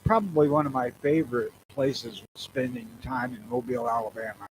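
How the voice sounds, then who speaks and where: A man's voice: mid-range voice, brisk, background noise. A man from the northern US telling stories bluntly as a podcast co-host, swearing freely. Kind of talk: casual crude podcast banter.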